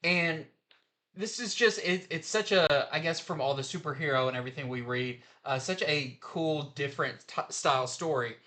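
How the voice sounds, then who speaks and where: Bright, chatty man reviewing comics. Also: a little high, moderate pace. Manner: chatty, rambling retelling with fillers.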